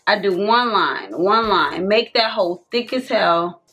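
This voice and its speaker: A woman's voice: mid-range voice, expressive, measured pace, fairly bright tone, slightly rough, faint music behind. A woman vlogger, tipsy, chatting loosely and swearing freely to her viewers while doing her makeup. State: tipsy from drinking. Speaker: beauty vlogger. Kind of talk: casual makeup tutorial chat.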